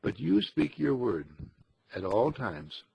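A man's voice: mid-range voice, very animated, slow pace, creaky, breathy edge, highs cut off. A man giving an inspirational spiritual talk, acting out little quoted scenes as he teaches.

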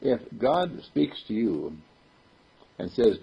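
Gravelly, husky man teaching spirit. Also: medium pitch, wildly swooping pitch, takes it slowly. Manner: playful, chuckling, repeats affirmations. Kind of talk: informal sermon to a group. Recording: dull lo-fi recording.

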